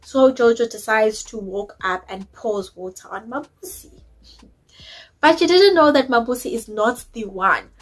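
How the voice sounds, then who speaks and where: A woman's voice: on the high side, expressive, a little slow, poor audio. A woman, chatting opinionatedly as she recaps a reality show episode, dropping in isiZulu words. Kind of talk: casual recap chat.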